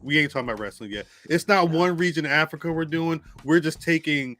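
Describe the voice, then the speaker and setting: A man co-hosting a podcast in casual chat, laughing often and geeking out in an animated way. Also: fairly high pitch, fast talker. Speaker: podcast co-host.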